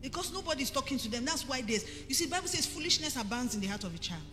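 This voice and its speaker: Nigerian woman pastor, middle-aged, emphatic sermon, bright and animated, echoing hall. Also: high-pitched, very fast. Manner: emphatic, rising to forceful preaching. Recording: reverberant hall with faint music.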